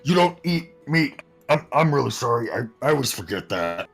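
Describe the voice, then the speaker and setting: Man, game player, hesitant and playful, swings widely in pitch. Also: sing-song, moderate pace, vocal fry, soft background music. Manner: hesitant, filler-heavy, playful. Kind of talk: casual tabletop role-play.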